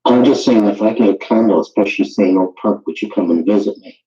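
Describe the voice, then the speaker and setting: A man's voice: fairly low pitch, quick pace, mellow. A man calling in to a livestream and chatting in a rambling way, repeating his questions. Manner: rambling and repetitive, asking the same question again. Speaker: caller on the stream. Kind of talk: casual chat. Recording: muffled echoey line with faint music.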